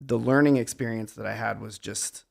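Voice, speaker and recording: A man's voice: fairly low pitch, fairly even intonation, normal speed, gravelly. A middle-aged man, a guest musician, talking in a meandering, reflective and self-deprecating way in a casual conversation.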